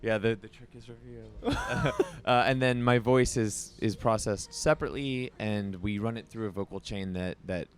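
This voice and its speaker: A man with a voice a little on the low side chats in an easygoing interview backstage at a festival, inside a trailer. He talks loosely, fills his sentences with "like" and often starts over mid-thought. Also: moderate pace, hardly any pauses, faint music behind. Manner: chatty, heavy use of "like", frequent restarts. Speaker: musician being interviewed. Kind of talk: casual backstage conversation.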